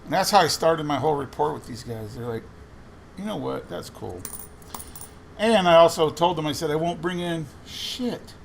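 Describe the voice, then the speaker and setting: A man's voice: a little high, lively intonation, normal speed, creaky, a little hiss or hum. A man casually telling a rambling anecdote while sorting coins, quoting other people's lines as he goes. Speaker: coin roll hunting vlogger. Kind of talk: casual storytelling while searching coin rolls.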